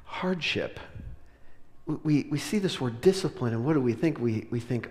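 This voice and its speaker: A middle-aged man preaching a sermon, telling a funny family story with laughs, then building to loud, emphatic preaching. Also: medium pitch, a little slow. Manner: animated, joking, with laughs and sudden loud preaching. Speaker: pastor. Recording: long reverb of a large hall.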